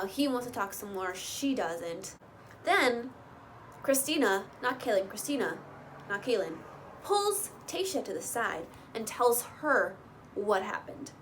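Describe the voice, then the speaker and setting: Young woman, casual gossipy recap, chatty, opinionated, fairly high voice. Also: a little hiss or hum, poor audio. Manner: chatty, opinionated, rambling asides. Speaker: recap vlogger.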